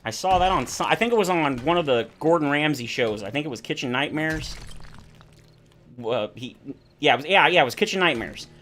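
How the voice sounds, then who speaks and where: A man's voice: on the high side, expressive, fairly quick, a bit bright, soft background music. A man streaming a survival game, chatting casually in rambling, self-correcting tangents. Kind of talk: casual chat while playing a survival game.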